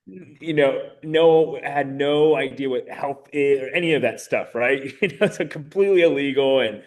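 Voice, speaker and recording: A man in his thirties tells his story as a podcast guest, chatty and animated. He leans on fillers and voices the people he quotes, and his pitch sits in a middle range. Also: normal speed. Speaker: podcast guest, mayoral candidate. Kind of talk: casual storytelling interview.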